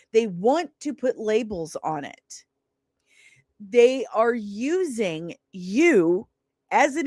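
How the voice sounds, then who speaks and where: Slow, emphatic woman in her forties. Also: fairly high pitch, no echo. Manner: emphatic, indignant, stresses words hard. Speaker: salon owner. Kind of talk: casual storytelling.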